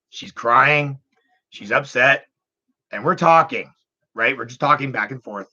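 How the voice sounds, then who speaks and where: Bright-voiced man telling a story. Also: mid-range voice, animated, moderate pace, slightly rough. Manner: emotional, rambling, repeats himself. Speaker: channel host. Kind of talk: casual storytelling vlog. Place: home computer room. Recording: dull lo-fi home recording.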